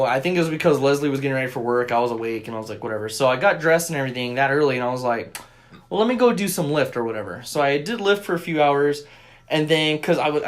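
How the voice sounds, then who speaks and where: A young man co-hosting a podcast, telling a long story in casual chat, cursing often and acting out what people said. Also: mid-range voice. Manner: profane, animated storyteller acting out quotes. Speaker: podcast co-host.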